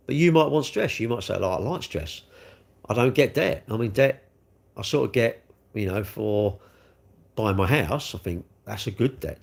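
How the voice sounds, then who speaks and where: A man's voice: fairly low pitch, vocal fry. A middle-aged man, chatting loosely on a livestream and talking straight to his viewers. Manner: rambling, talks straight to viewers. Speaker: livestream host. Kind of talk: casual chat.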